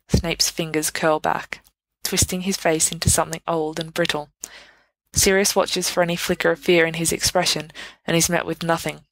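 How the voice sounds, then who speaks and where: A woman with a low voice reads a fan story aloud. Her narration is even and measured. The recording is close and dry, with no room sound. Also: no room sound, low-quality recording. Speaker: podfic reader. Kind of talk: scripted narration.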